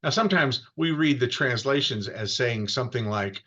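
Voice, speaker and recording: A male pastor from Florida giving a conversational sermon, telling the story in a lively way and acting out the quoted voices. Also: mid-range voice, moderate pace, highs cut off.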